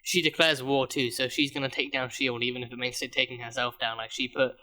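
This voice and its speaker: A man's voice: mid-range voice, flat delivery, brisk, pushed and bright. A man reviewing a TV episode in a casual, rambling way, often stumbling and repeating words as he thinks aloud. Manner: rambling, many restarts and stammered repeats. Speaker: TV reaction reviewer.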